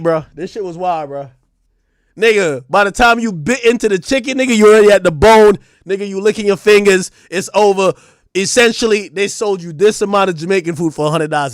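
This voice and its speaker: High-voiced New man ranting to chat. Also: no echo, clean studio sound. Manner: animated, profane, joking, with loud outbursts. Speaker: streamer. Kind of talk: casual live-stream rant to chat.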